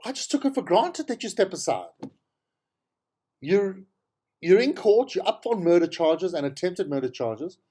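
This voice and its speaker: A South African man talks through the news in an opinionated monologue. He sounds exasperated and sarcastic and hammers points home by repeating them. His voice is very animated, jumping from low mutters to high, incredulous peaks. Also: moderate pace, long pauses, husky. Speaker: talk show host. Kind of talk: opinionated political commentary monologue.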